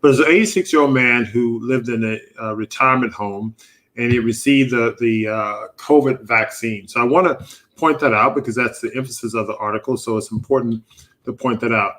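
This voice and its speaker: A middle-aged man hosts a live medical panel from a studio, walking through his slides. His voice sits at an ordinary middle pitch, and he talks in a loose, conversational way, leaning on fillers as he goes. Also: fairly quick. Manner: relaxed, filler-heavy, conversational. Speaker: physician hosting a live panel show. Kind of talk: live online presentation with slides.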